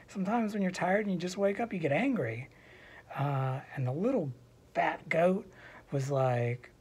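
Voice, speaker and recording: Husky guy telling a goofy story from a hospital bed, rambles off topic, whispers bits. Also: fairly high pitch, lively intonation, normal speed, darkish tone. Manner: digressive asides, drops to a whisper at times. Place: hospital room.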